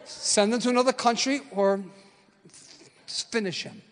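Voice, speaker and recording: An older man in his sixties preaches with a high voice, telling stories with punchy call-and-response lines. His voice rings through a hall with a long reverb. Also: measured pace, slight background noise. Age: 60s. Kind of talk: sermon.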